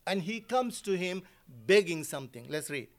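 A male preacher delivering a sermon, emphatic and lively, acting out the people he talks about. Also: sits high, moderate pace. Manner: animated, acts out quotes, emphatic.

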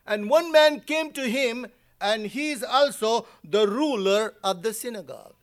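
Very high-voiced man preaching animatedly. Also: measured pace. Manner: animated, acts out quotes, emphatic. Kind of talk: sermon.

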